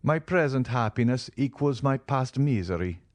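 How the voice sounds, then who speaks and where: A man's voice: medium pitch, lively intonation, normal speed, a little mellow, no room sound, pitched above the performer's own voice, close to an everyday voice. A man reading the part of a reserved, formal nobleman in an audiobook, cool and restrained. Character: reserved, guarded nobleman, middle-aged.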